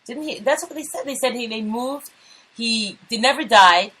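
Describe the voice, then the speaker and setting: A woman's voice: on the high side, normal speed, fairly bright tone, husky, low-quality recording. A woman co-hosting a casual talk show, chatting in a teasing way. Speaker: co-host.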